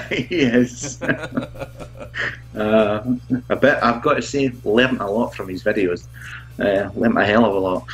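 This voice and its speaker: Slow, low-voiced man reviewer. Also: fairly even intonation, faint music behind, rough recording. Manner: halting, laughs often, self-mocking. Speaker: product reviewer, guest. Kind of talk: casual video chat.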